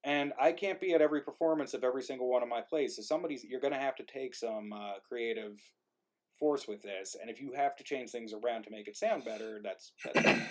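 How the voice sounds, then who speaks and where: A man's voice: mid-range voice, fairly quick, slight background noise. Male writer-host, rambling and self-deprecating, chatting over a video call mic. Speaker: playwright and host of an online play reading. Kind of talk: casual chat on a video call.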